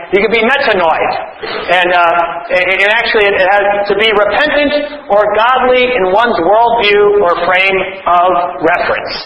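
A male preacher with a high, bright, forceful voice delivers an earnest sermon to a live audience. He trips over and repeats his words, then slips in wry jokes. The sound is roomy and a bit dull, as if captured in a reverberant hall. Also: slight background noise. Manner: earnest, stumbling restarts, wry asides. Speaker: preacher and author. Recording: roomy, slightly dull recording.

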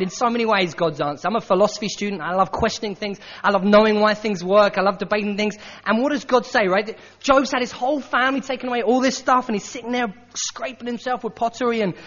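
Animated preaching man in a reverberant hall. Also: high voice. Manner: animated, conversational, acts out quotes. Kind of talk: sermon. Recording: dull sound with long hall reverb.

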